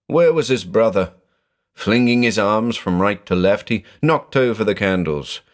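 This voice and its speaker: A man narrating a horror story in a dramatic, expressive reading style. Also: fairly low pitch, measured pace.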